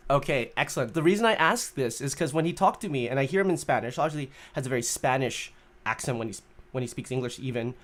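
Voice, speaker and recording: A man's voice: mid-range voice, animated, fast. A man hosting a casual livestream chat, upbeat and chatty, often laughing. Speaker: livestream host.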